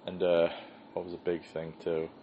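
A man's voice: low-pitched, completely flat delivery, normal speed. A man hosting a podcast, telling a rambling, swear-heavy story and laughing often. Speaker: podcast host. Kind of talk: casual storytelling. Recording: dull lo-fi sound with faint hiss.

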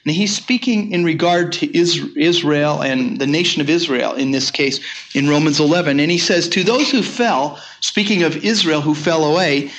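A man's voice: fairly high pitch, normal speed, fairly bright tone. A man in his sixties teaching a sermon series, earnest and personal, often restarting his sentences as he tells stories. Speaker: Bible teacher.

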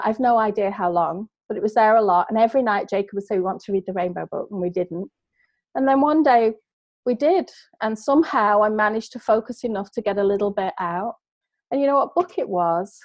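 A woman's voice: a little high, normal speed, darkish tone, no echo. A middle-aged woman, a guest who tells a personal story in an earnest, heartfelt way. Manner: earnest, heartfelt, emotional retelling. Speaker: guest, business coach.

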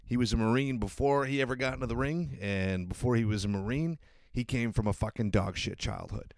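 A man's voice: mid-range voice, a little fast, no room sound, clean studio sound. A man hosting a podcast, introducing his guest in a loose, chatty way full of fillers. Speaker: podcast host. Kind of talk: casual introduction and chat.

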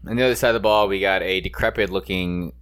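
A man's voice: sits low, fairly even intonation, quick pace, a bit bright, clean tone. A man co-hosting a casual sports podcast, wisecracking and cracking crude jokes. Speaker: podcast co-host.

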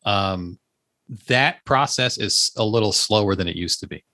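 A man's voice: lowish voice, moderate pace, pushed and bright, no room sound, clean studio sound. A man in casual conversation, talking through his feelings in a reflective, analytical way. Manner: reflective, analytical, self-examining. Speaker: podcast co-host. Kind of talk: casual chat.

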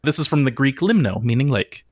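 A podcast host with a medium-pitched, expressive, brisk voice reads out facts playfully and laughs often in casual comedic chat. The recording is dry, with clean studio sound.

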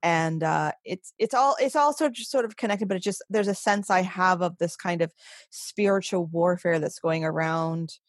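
Halting, laughing woman guest in an interview. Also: on the low side, no room sound, clean studio sound. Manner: halting, many restarts and soft laughs. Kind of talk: conversational interview.

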